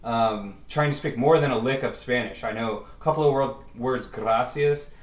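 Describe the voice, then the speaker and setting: A man's voice: mid-range voice, moderate pace, far from the mic. Rambling man in a roomy bedroom. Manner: rambling, self-deprecating. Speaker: video creator. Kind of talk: casual rambling vlog chat. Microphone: headset. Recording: roomy echo.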